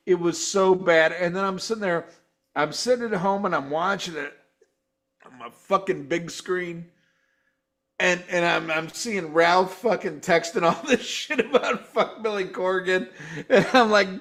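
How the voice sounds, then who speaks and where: A man's voice: high-pitched, measured pace. A man hosting a live show, ranting and swearing constantly as he reviews a concert, exasperated and mocking. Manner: mimics singers and guitars in loud mocking voices. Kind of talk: profane ranting commentary.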